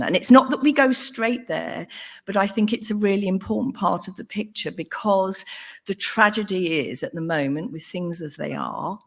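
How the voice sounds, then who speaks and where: Older lady therapist, lowish voice, earnest and thoughtful, lots of ums. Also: gravelly. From England. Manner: thoughtful, earnest, with fillers and restarts. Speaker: psychotherapist. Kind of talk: talk on a panel.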